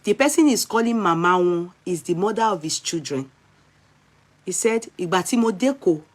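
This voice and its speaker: Animated Nigerian woman vlogger. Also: mid-range voice. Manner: animated, mixing English and Yoruba, rising to exhortation. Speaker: vlogger commenting on a clip. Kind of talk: casual commentary.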